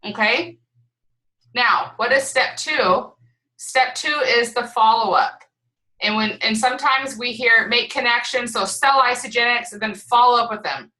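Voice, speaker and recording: Upbeat woman coaching her team on a call, bright voice, kinda high, keeps asking "right?". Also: measured pace, low-quality recording. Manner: energetic, repeats for emphasis, asks "right?" often. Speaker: team leader on a group call. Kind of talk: motivational coaching talk.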